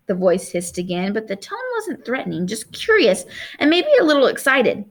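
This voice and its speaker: A woman reading a novel aloud like a teacher, expressive, stopping for chatty asides to her listeners. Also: mid-range voice, moderate pace.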